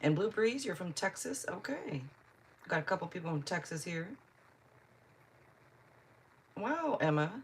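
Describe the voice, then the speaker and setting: A woman from Seattle hosts a live tarot stream, chatting loosely and reading out viewers' comments as they come in. Her voice sits low and slightly husky. She talks in an easy, conversational way, full of little asides. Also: big pitch swings, unhurried, pauses often. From Seattle, Washington. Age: adult. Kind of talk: casual live-stream chat.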